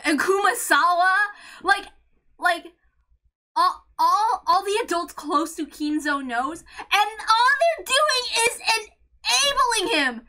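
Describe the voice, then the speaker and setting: Very high-pitched woman ranting emotionally. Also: expressive, slow. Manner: impassioned ranting, shouts and stammers. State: emotional, on the verge of tears. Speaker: host of a visual novel read-along. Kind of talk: emotional reaction commentary.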